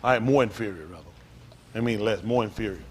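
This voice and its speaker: Preaching pastor with speech. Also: male voice, fairly low pitch, a little mellow, slightly rough. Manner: call-and-response preaching, rising to emphatic exclaims; reads scripture aloud slowly between comments. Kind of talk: sermon.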